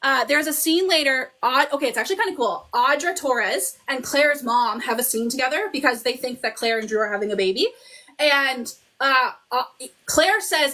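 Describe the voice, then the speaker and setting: A young woman hosting a livestream, chatting casually and retelling plot points in quick run-on bursts like an excited fan. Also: sits high. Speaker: livestream host. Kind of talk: casual chat.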